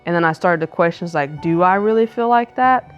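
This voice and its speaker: A young woman telling a personal story softly and hesitantly, with many fillers, in a casual chat. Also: on the low side, fairly quick, clean tone, lo-fi sound, faint music behind. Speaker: wife co-host of couple's channel.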